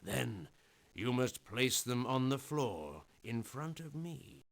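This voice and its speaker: An actor playing a solemn male mage in an adventure game, giving slow, grave instructions to a young knight. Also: medium pitch, very animated, gravelly, very noisy, full character voice. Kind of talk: 1990s adventure game voice acting.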